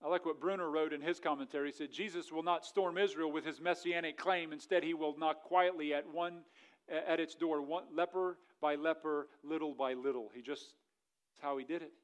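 A man's voice: on the high side, steady tone, a little fast. Man preaching a fiery sermon. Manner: preaching with rising intensity, then dropping quiet; reads scripture aloud in old-fashioned wording. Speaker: pastor.

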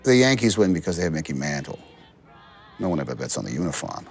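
A blunt, dogged FBI agent, film scene, deep husky voice, faint score behind. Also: male voice, very animated, fast, soft background music, heavily acted. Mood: stern. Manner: stubborn, blunt, insistent. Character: dogged middle-aged male FBI agent. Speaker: federal agent.

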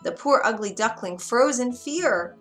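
A woman reading a children's story aloud, gentle and expressive. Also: fairly high pitch, measured pace, faint music behind.

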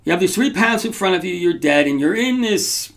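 A man's voice: high-pitched, expressive, a little fast, fairly bright tone. A man hosting a podcast, telling a story casually to his audience in a rambling way, with restarts and frequent checks like "right?". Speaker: podcast host.

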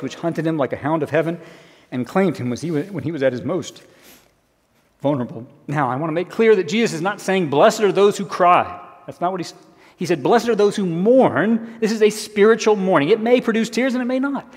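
A male pastor delivers a sermon in a fairly high voice, earnest and deliberate, slowing down to repeat his key phrases. His voice carries a long reverb, as if from a large church sanctuary.

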